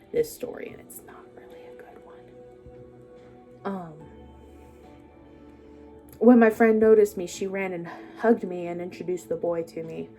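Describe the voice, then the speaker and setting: Soft-spoken young woman, halting storytelling. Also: fairly low pitch. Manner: halting and hesitant, with many pauses and fillers. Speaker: vlogger telling her life story. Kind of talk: personal storytelling to camera.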